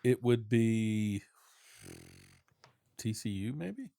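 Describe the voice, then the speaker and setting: Animated man chatting about sports. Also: fairly low pitch, vocal fry, smooth, no echo, studio quality. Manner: animated, opinionated, quick back-and-forth. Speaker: sports talk show host. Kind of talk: casual sports chat.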